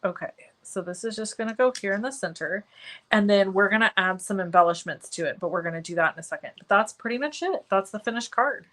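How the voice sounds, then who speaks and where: A woman's voice: medium pitch, fast talker, a bit bright, low-quality recording. A woman hosting a live cardmaking tutorial, chatting as she works and answering viewer comments by name in a self-deprecating way. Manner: self-deprecating, talks while working. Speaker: crafting stream host.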